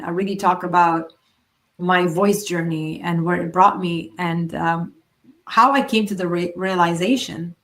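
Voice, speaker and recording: A woman hosting a solo motivational podcast, speaking in an earnest coaching tone with emphatic pauses. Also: lowish voice. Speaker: podcast host.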